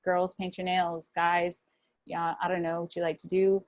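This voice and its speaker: A young woman speaking casually to an online audience over a video call from a room at home, relaxed and chatty, with many fillers and restarts. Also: fairly low pitch, moderate pace. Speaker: guest speaker at a wellness webinar. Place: home room with a fan running.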